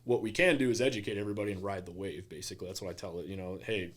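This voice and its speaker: Fast-talking animated man, low voice. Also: slightly rough. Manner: animated storyteller acting out quoted clients. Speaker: real estate agent, guest. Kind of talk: casual podcast conversation.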